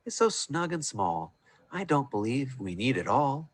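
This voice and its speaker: A man voicing a soft-spoken, modest wife. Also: mid-range voice, big pitch swings, unhurried, slightly rough, no room sound. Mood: doubtful. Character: sensible gardener's wife, modest.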